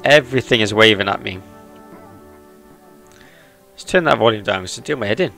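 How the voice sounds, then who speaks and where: A man's voice: lowish voice, brisk, vocal fry, pushed and bright, faint music behind. A man giving chatty, jokey let's-play commentary and talking to the characters on screen. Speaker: gaming YouTuber.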